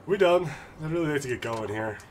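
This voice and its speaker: Guy streaming a game, joking around, animated up-and-down voice, a little hiss in the background. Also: medium pitch, fairly quick. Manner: joking, chatty, talks to the game. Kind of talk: casual gameplay commentary.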